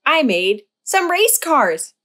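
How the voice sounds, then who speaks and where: A woman's voice: high-pitched, big pitch swings, slow pace, fairly bright tone. A woman hosting a children's library storytime, playful and sing-song as she reads aloud and leads rhymes.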